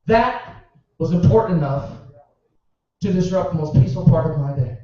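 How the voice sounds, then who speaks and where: A man's voice: fairly high pitch, fairly even intonation, brisk, mellow. A young man doing a stand-up routine, ranting in exasperation and swearing. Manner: exasperated rants with profanity. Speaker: stand-up comedian. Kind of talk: stand-up routine at a comedy club. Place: small comedy club. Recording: roomy, distant, muffled club recording.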